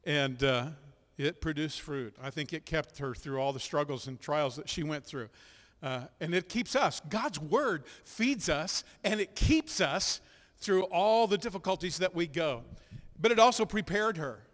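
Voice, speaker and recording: A middle-aged man preaching as a pastor, leading his congregation in loud spoken confessions and scripture, with relaxed, chatty asides. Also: a little high, unhurried. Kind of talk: sermon. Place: church sanctuary. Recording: echoey hall with long reverb.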